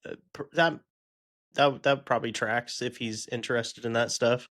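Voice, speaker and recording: A man's voice: medium pitch, steady tone, moderate pace, a bit bright. A man co-hosting a podcast, chatting casually, laughing often and swearing freely. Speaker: podcast co-host.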